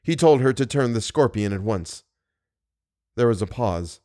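A man reading a novel aloud as audiobook narration, in a measured, suspenseful way. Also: mid-range voice, animated, dark tone, dry recording, clean studio sound. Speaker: audiobook reader. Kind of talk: scripted narration.

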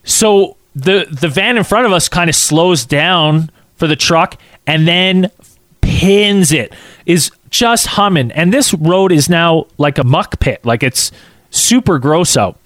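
A man telling a casual anecdote, acting out quotes in an animated way and saying "like" a lot. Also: on the high side, takes it slowly, no room sound, clean studio sound.

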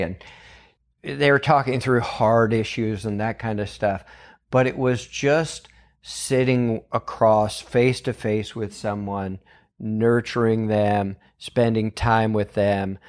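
Earnest storytelling male pastor. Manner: earnest storyteller who acts out quotes with big pitch jumps. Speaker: church pastor, guest. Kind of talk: podcast conversation.

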